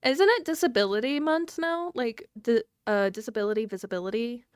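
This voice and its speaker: Woman streamer, higher voice, dry close sound, loose scattered chatter aimed at her chat. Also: fairly quick, clean tone, dry recording. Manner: chatty and scattered, laughing often, talking to chat. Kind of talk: casual live-stream chat.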